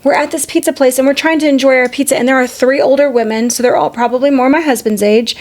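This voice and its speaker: A woman's voice: sits high, fairly even intonation, quick pace, darkish tone. A woman in her forties hosting a podcast, telling candid personal stories in casual chat, swearing freely. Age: 40s. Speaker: podcast host.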